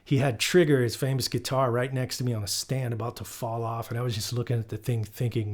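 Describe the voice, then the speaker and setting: A man of ordinary pitch hosting a guitar channel. He talks casually and loosely, filling pauses with ums and uhs as he rambles through stories. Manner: relaxed, rambling, many fillers. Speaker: guitarist host. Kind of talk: casual storytelling.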